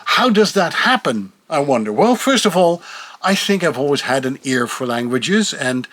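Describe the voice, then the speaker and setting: A man's voice: medium pitch, a bit bright. A middle-aged man from the Netherlands with a neutral English accent and a faint European twang, talking in a chatty, self-reflective vlog monologue. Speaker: voice actor.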